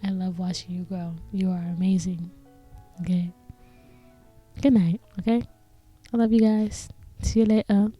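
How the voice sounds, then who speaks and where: Young woman, podcast host, mellow voice, affectionate pep talk, casual swearing, occasional whispers. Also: fairly low pitch, steady tone, unhurried, long pauses, soft background music. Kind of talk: casual encouraging monologue.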